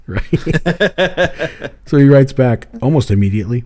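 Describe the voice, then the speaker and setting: A man's voice: medium pitch, expressive, a little slow, a little mellow. A man co-hosting a podcast, telling a story casually with jokes and laughs. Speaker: podcast co-host. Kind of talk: casual chat.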